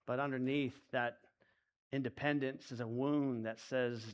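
A man preaching a sermon, moving between hushed, intimate lines and emphatic rises. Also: on the high side, unhurried, smooth. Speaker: pastor.

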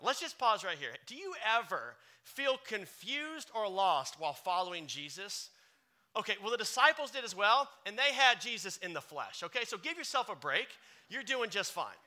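A man preaching a sermon to a live congregation, swinging from loud emphatic lines to low hushed ones. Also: very animated, moderate pace. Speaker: pastor.

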